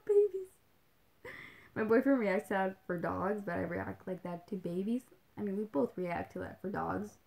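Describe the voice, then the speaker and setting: A young woman hosts a livestream with casual, rambling chat, dropping in plenty of "like"s, little laughs, and the occasional Spanish phrase. Her voice is medium-pitched, gravelly, and darkish in tone.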